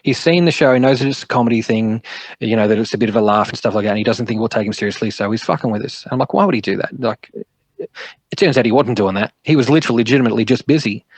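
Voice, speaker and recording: A man's voice: mid-range voice, fast talker, no echo. A man, a podcast guest telling stories in casual, swear-laden chat. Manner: swearing, animated storyteller.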